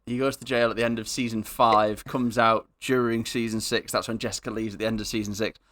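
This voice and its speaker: A man's voice: lowish voice, level tone, fairly quick, fairly bright tone. A man hosting a casual comedy podcast, joking, swearing and laughing as he talks. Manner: jokey, sweary, laughs often. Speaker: podcast host.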